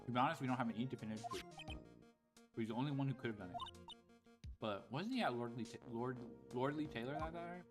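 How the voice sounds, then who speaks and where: A man voicing an earnest young male defense lawyer in a video game, over loud music. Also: medium pitch, fast, long pauses, close to an everyday voice.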